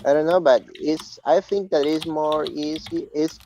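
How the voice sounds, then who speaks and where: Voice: medium pitch, fairly even intonation, measured pace, dark tone, a little hiss or hum, poor audio. A participant on a video call asks questions hesitantly, searching for words.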